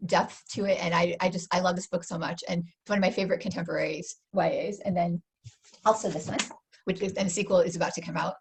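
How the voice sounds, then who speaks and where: Husky-voiced woman in her forties. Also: lowish voice, steady tone. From United States. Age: 40s. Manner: warm, enthusiastic, talks in quick restarts. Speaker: author guest. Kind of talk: casual interview chat.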